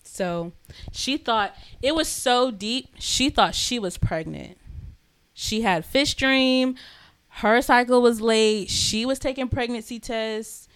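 A young woman tells a story in relaxed, casual chat. She is animated, swears freely and acts out what people said. Her voice is smooth and clear. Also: fairly high pitch, slow.

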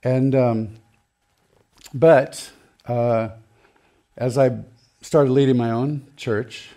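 A man's voice: mid-range voice, fairly even intonation, very slow, warm tone. A middle-aged male pastor preaching a sermon in a chatty, storytelling way, laughing often and acting out quotes.

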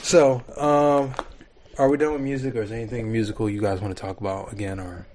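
A man's voice: on the low side, fairly even intonation, fast, a little mellow, a little hiss or hum. A man co-hosting a podcast in casual chat, blunt and dismissive in his opinions. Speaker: podcast co-host.

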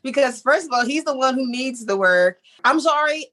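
High-voiced blunt woman chatting. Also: normal speed. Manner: blunt and animated, indignant. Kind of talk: casual chat.

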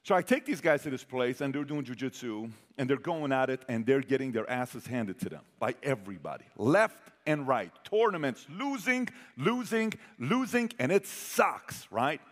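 A man telling a personal story to a live audience as a motivational speaker. He quizzes the crowd and swings between loud bursts and hushed asides. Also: medium pitch, expressive, normal speed, hardly any pauses. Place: large hall with an audience. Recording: long hall reverb.

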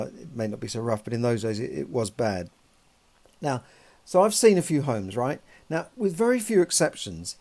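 A man's voice: medium pitch, darkish tone. A man, talking in a rambling, conversational monologue full of "you know" and restarts. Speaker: podcast host. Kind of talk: casual monologue.

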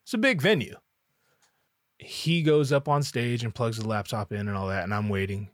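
A man's voice: medium pitch, moderate pace, no echo, clean studio sound. A man, a rapper, telling a personal story casually, candid and swearing freely.

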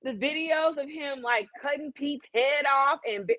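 A woman's voice: high-pitched, moderate pace, bright, forceful tone, no echo, muffled recording. A woman from Chicago co-hosting a casual chat, candid and profane, laughing through her stories. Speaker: podcast co-host.

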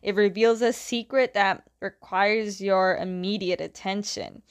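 A woman voicing a kindly, secretive old female servant in a retold storybook scene, speaking slowly and reassuringly in a smooth voice. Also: medium pitch, steady tone, lightly acted. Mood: confiding.

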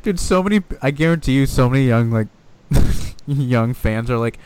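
Animated, cursing man ranting on a podcast. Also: medium pitch, moderate pace, a little hiss or hum. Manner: animated, swears often, rants with exasperation. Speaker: podcast co-host. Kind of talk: casual wrestling podcast chat.

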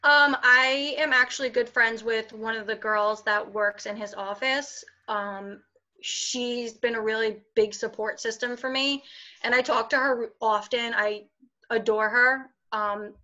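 Bright-voiced woman, candid and chatty. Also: fairly high pitch, steady tone, measured pace. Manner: candid, chatty, with frequent fillers. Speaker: interview guest. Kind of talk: casual conversation. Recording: dull lo-fi recording.

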